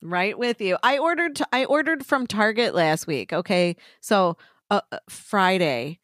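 A woman's voice: mid-range voice, measured pace, dry recording, clean studio sound. A woman co-hosting a podcast in casual chat, swearing freely, laughing often and telling stories with energy. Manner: profane, laughs often, animated storytelling. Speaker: podcast co-host.

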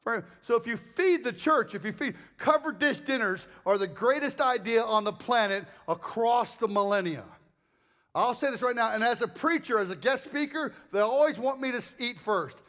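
Older male evangelist, high-pitched, lively, jokey sermon delivery. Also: normal speed. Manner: animated, joking, acts out crowd voices. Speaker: guest preacher.

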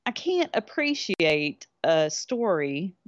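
Lady ranting bout a movie, slow drawl, swears a ton, dry dull recording. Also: fairly low pitch, very animated, dry recording. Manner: blunt, exasperated, swears a lot. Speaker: podcast co-host. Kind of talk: casual profane movie chat. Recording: dry, slightly dull sound.

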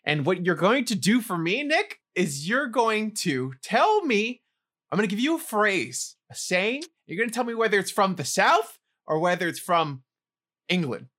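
A man in casual podcast banter who laughs often as he explains a game he made. His pitch moves a lot, rising and falling as he talks. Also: big pitch swings, normal speed, a bit bright. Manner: giggly, explains game rules. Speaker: podcast co-host running a game.

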